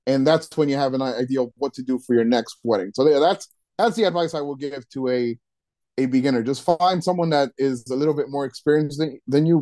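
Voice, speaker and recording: Halting, dry-mic'd man giving DJ advice. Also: medium pitch, dark tone, no echo. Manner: halting, with many restarts and repeated words. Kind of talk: casual podcast chat.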